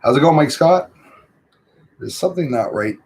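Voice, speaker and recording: A man's voice: fairly high pitch, animated, normal speed, a little mellow. A man hosting a casual live stream, greeting viewers by name and chatting loosely about what they write. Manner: greets viewers by name and reads their comments aloud. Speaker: livestream host.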